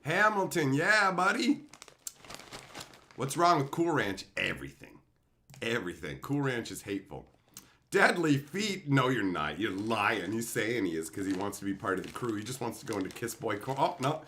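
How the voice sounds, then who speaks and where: Male streamer, profane mock-ranting, lively and bright. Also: medium pitch, moderate pace, slight background noise. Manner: profane, mock-insulting, laughing. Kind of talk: live-stream rant to chat.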